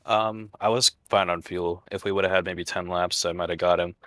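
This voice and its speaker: A man, a sim racing driver, giving a halting post-race interview full of fillers. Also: steady tone, fairly bright tone, no echo. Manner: low-key, halting with frequent fillers.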